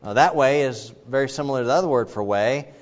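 A man's voice: mid-range voice, fast talker. A man giving a sermon, explaining scripture in a conversational way with frequent restarts. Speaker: pastor. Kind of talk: sermon with Bible teaching. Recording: dull sound, long hall reverb.

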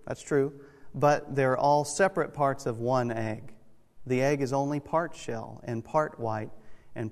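A man teaching a church Bible class at a middle pitch. He explains points one by one, pausing to ask "okay?" so listeners keep up. His voice carries a long reverb, as in a large hall. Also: darkish tone. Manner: explanatory, repeats "okay?" to check understanding.

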